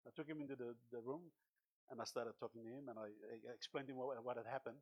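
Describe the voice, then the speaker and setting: A man preaching a sermon as pastor, impassioned, with sudden loud bursts and cries of hallelujah. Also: mid-range voice, fairly even intonation, fast, muffled recording. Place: church.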